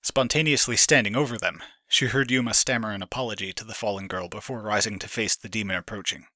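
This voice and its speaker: Guy reading a story out loud, lowish voice, bright and punchy, dry close sound. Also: fast talker, no echo. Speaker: fan fiction reader. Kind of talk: scripted narration.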